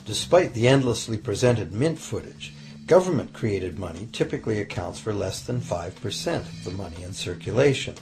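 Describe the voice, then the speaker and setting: Gravelly low-voiced male documentary narrator. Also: normal speed. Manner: calm explanatory delivery. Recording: voice-over with faint music behind.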